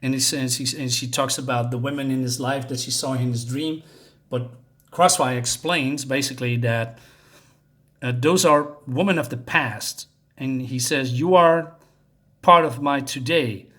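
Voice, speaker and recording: A man's voice: medium pitch, steady tone, normal speed, a bit bright. A man whose first language is not English, reviewing a comic in casual, rambling speech full of fillers and frequent chuckles. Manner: rambling, hesitant, many fillers; chuckles often.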